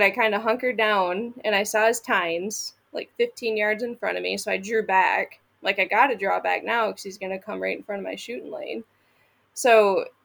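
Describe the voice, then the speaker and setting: A woman from Michigan tells a story as a podcast guest, casual and blunt, with frequent swearing. Her voice has a gravelly fry, and she acts out the lines people said. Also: medium pitch, a bit bright.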